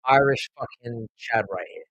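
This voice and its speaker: Husky South London man rambling on stream. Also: medium pitch, normal speed, a bit bright, no echo, highs cut off. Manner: rambling, profane banter, answers viewers' chat. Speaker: livestream host. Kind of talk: casual live-stream chat.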